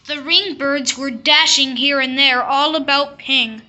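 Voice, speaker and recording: A woman reading a classic picture book aloud, telling the story slowly and expressively. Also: high-pitched, fairly even intonation, sharp tone. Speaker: storybook reader.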